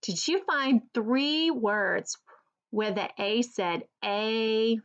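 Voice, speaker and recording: A woman teacher giving an early reading lesson for children, slowly and clearly sounding out each word. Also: a little high, highs cut off.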